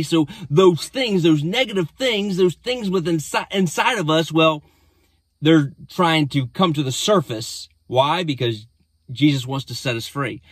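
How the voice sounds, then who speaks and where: Conversational pastor with a higher voice. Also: male voice, fairly bright tone, slightly rough, no room sound. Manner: conversational storytelling with frequent restarts. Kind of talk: casual sermon recap.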